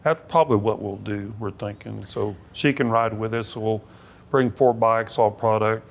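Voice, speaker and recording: A man's voice: lowish voice, steady tone, moderate pace, creaky. A man talking as a podcast guest about his business, easygoing and agreeable. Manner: easygoing, agreeable, frequent "yeah". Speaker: guest, motorcycle parts business owner. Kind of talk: casual interview chat.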